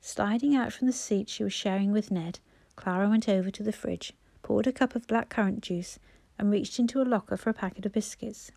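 A woman narrating an audiobook in a soft, even storytelling voice on a close mic. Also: mid-range voice, a little fast, creaky.

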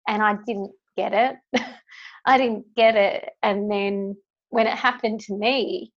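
A woman hosting a podcast, tearful and heartfelt, talking warmly and effusively with friends. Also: mid-range voice, steady tone, slow, dull audio. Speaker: podcast host. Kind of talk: emotional podcast conversation.

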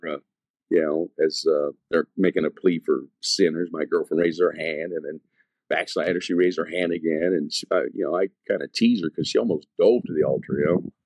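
A man tells his life story in an easy, rambling way, and his voice sits very low. He slips into the voices of the people in his past as he tells it. The sound is dry and close, with almost no room around it. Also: a little mellow, husky, dry recording. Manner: storytelling, acting out past dialogue; loose, rambling, full of "you know". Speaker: evangelist telling his testimony. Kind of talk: casual spoken testimony.

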